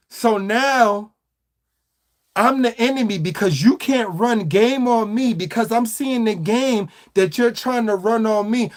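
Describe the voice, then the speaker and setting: A man's voice: sits high, measured pace. A man hosting a livestream, ranting animatedly and mockingly with slang, repeated phrases and stuttered restarts. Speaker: livestream host. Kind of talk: livestream rant.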